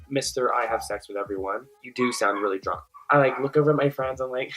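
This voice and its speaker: A young man telling a casual storytime, animated and full of filler words. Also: mid-range voice, fairly quick, hardly any pauses, rough recording. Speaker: vlogger.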